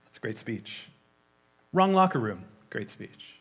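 A man preaches a sermon, retelling scripture as vivid storytelling. He talks conversationally, with casual asides to his listeners. His voice sits at an average male pitch. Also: sing-song, unhurried, creaky, a bit bright, breathy edge.

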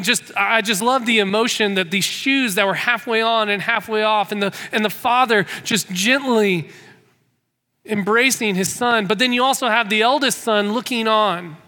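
A man's voice: sits high, sharp tone, big-room sound. A man preaching a sermon, retelling a story with vivid scenes and frequent restarts. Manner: storytelling, repeats words when restarting.

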